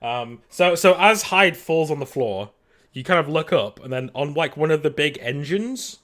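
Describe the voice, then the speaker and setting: A man's voice: on the high side, lively intonation, moderate pace, fairly bright tone. A man narrating as game master in a rambling way, with lots of fillers.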